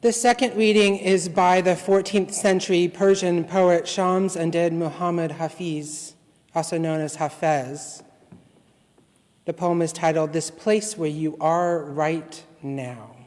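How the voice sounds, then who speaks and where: A man serving as guest minister, reading a litany and a poem aloud in worship with a slow, measured, solemn delivery. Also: fairly high pitch, steady tone, a little mellow. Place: church sanctuary. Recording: long reverb from a large hall.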